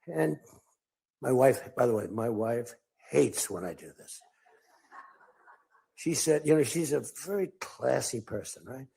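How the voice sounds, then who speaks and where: A man's voice: medium pitch, expressive, a little slow, vocal fry, pauses often, mellow, breathy edge. An older man giving a rambling, off-script speech to a crowd, telling stories and acting out quoted lines in other voices. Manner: storytelling, acts out quotes in different voices. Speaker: political speaker.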